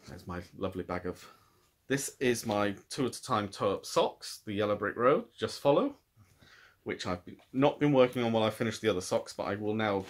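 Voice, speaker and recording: Speaking a little fast in a lowish, expressive voice, this British host of a knitting podcast chats casually. He's from the UK, and his talk is thoughtful and rambling, often restarting.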